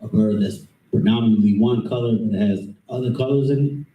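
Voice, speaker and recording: A man reading scripture aloud in a steady, careful way during a class. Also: lowish voice, normal speed, echoey room, far from the mic, phone-quality sound.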